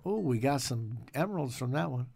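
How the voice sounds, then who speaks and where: A man's voice: mid-range voice, expressive, a little fast, creaky, noisy background. Playful man narrating his gameplay. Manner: jokey, playful, growls pirate noises. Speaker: gaming channel host. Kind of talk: casual gameplay commentary.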